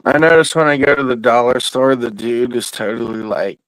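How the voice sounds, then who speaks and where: A podcast host rambles casually through his stories, cursing freely and drawling through asides. His middle-pitched voice runs a little fast and slightly bright, captured dry and close with no room sound, on a low-quality recording.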